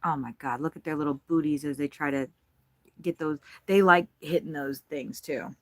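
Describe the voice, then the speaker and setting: This woman has a low voice and speaks at a moderate pace, with no room sound on the recording. She's an American bird-watching vlogger in an RV at a campground, chatting away about the birds at her feeders while giggling and cursing freely.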